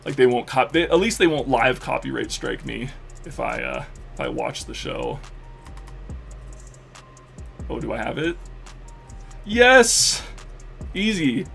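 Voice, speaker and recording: Gravelly, excitable male streamer. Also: mid-range voice, moderate pace, faint music behind. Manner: excitable, profane, filler-heavy rambling. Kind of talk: casual live-stream chat while gaming.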